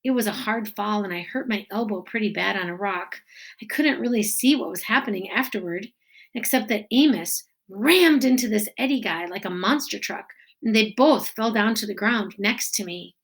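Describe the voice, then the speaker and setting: A woman teacher reading a children's novel aloud with expressive storytelling. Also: mid-range voice, moderate pace.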